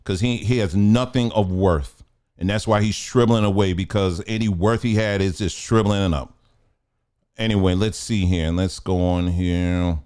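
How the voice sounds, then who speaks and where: A man's voice: sits low, fairly even intonation, normal speed, darkish tone, smooth. Blunt emphatic man hosting commentary. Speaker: commentary show host. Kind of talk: casual political commentary.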